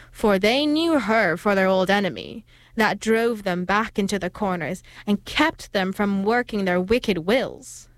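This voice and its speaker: A woman's voice: medium pitch, no room sound. Woman reading a folk tale aloud. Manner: steady, expressive storytelling. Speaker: storyteller.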